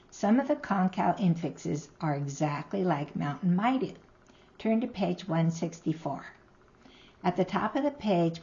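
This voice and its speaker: A woman teaching a recorded language lesson, speaking slowly and carefully and sounding out each word. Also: lowish voice, vocal fry, warm tone, muffled recording. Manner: slow, careful, sounding out words.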